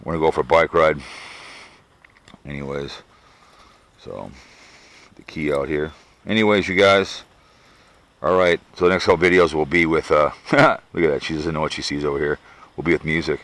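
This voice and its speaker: Very deep-voiced man, rambling vlogger. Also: fairly even intonation, normal speed, pauses often, fairly bright tone, no echo. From Minnesota. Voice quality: audible heavy breathing. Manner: rambling, easygoing, trails off with fillers. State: out of breath. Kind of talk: casual product review vlog. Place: outdoors in a backyard. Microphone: sunglasses camera mic.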